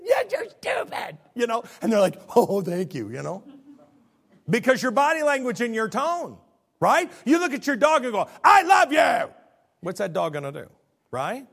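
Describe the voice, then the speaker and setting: Animated, gravelly-voiced male preacher. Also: mid-range voice. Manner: earnest, animated, asks the congregation questions. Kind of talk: sermon.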